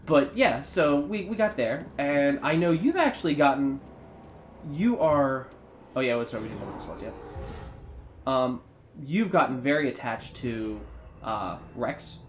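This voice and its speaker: Sick male co-host, rambly casual game chat, mid pitch, light noise. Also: expressive, a little slow. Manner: rambling, many ums and restarts. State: sick and sweating. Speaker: co-host of a gameplay channel. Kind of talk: casual let's-play chat.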